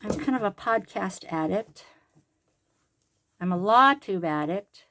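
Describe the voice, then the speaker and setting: With lively intonation and a slow pace, an older woman's mid-range voice comes through over background noise. She's a grandmother and crafting vlogger, chatting and rambling while she sews a craft at home, often at her own expense.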